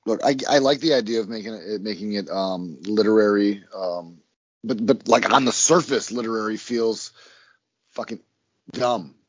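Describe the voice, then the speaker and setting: A man's voice: lowish voice, moderate pace, no room sound, dull audio. A man co-hosting a film podcast, riffing in casual, profane comic banter. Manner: animated, swearing, riffing.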